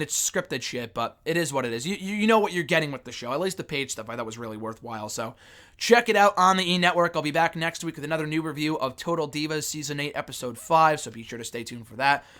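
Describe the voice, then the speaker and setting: A young man runs through a wrestling reality show episode in a loose solo review, swearing freely and dropping sarcastic asides. His voice sits a little high and comes across bright and forceful. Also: lively intonation, fast. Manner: blunt, profane, sarcastic. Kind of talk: casual solo review monologue.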